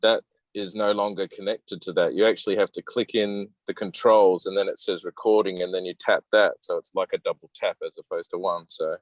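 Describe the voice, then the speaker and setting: Laid-back low Australian man. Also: fairly even intonation, fairly quick, dry recording, rough recording. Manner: laid-back, blunt, swears casually. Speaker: club member. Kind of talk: casual chat. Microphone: video call.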